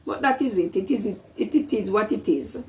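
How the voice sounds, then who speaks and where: A woman's voice: medium pitch, lively intonation, a little fast, darkish tone. Earnest woman vlogging, mic distant. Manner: repetitive, earnest, faith-filled storytelling. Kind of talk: casual vlog testimony.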